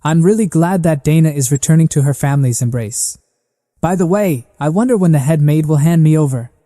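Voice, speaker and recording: A man voicing an earnest young girl who was once a spy, in a plain even reading. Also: on the high side, fairly quick, in a large hall, lightly acted.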